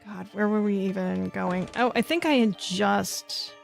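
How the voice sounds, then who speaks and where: A woman's voice: medium pitch, unhurried, creaky, faint music behind. A woman streaming a horror game, reading its text aloud, talking to herself and panicking and swearing at the game. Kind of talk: live gameplay commentary.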